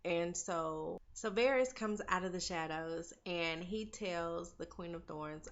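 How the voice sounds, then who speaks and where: A young woman recaps a TV episode in a chatty, opinionated way, calling her viewers "girl" and "y'all" as if they were friends. Her voice sits on the low side for a woman. The recording sounds dull and lo-fi. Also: slow pace, a bit bright. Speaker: TV recap vlogger.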